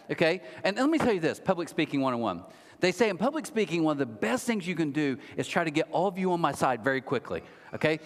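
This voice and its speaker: A middle-aged man preaching a sermon as a pastor, humorous and animated with mocking asides. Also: fairly high pitch. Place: large church auditorium. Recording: long hall reverb.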